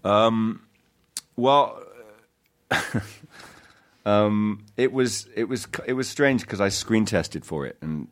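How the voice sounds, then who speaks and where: A man, an actor, chatting in an interview, halting with many restarts and fillers, self-deprecating. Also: on the low side. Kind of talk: casual interview chat.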